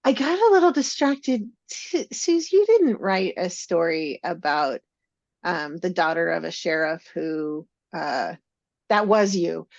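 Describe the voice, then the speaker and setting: A woman leading a writing workshop, talking in a casual, excitable way and laughing often. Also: fairly low pitch, slow, no room sound, muffled recording. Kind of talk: casual group discussion.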